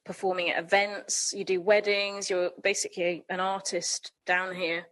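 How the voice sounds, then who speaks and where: A woman's voice: fairly low pitch, flat delivery, normal speed, a bit bright. A woman hosting a podcast interview, laughing often and prompting her guest eagerly. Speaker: podcast host. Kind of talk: casual interview chat.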